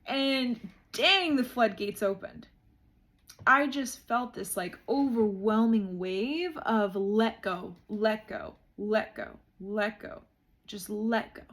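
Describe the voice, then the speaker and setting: A woman's voice: medium pitch, slow pace, fairly bright tone. A young woman vlogger talking casually and emotionally, with many likes and you-knows. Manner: emotional, heartfelt, says "like" a lot. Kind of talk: reflective casual chat.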